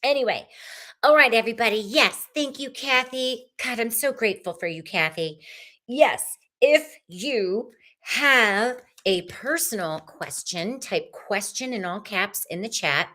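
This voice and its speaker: A woman's voice: a little high, expressive, measured pace, pushed and bright. A woman hosting a live tarot reading stream, chatting casually and effusively with viewers as she pulls cards.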